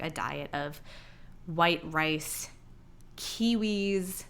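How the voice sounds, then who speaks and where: A woman's voice: deep voice, fairly bright tone. A young woman chatting casually in a pregnancy vlog, full of "like" fillers, now and then acting out her own reactions. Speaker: vlogger.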